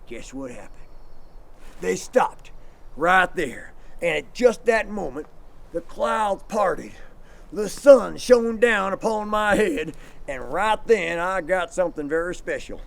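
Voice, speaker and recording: A middle-aged man giving an outdoor dog sledding demonstration for kids, telling stories and acting out the shouted commands. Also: high-pitched, slow pace, vocal fry. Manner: animated storyteller, acts out shouted commands.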